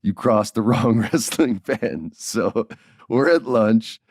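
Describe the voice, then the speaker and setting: Low-voiced man telling stories on a podcast. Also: slow pace, no echo, studio quality. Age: 40s. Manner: lively, joking, laughs through his stories. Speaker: podcast host. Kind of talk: casual storytelling podcast.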